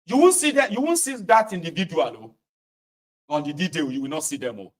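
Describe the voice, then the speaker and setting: A man's voice: on the high side, expressive, a little fast. A Nigerian man giving exasperated, mocking political commentary in a casual vlog. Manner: exasperated, mocking, uses pidgin particles.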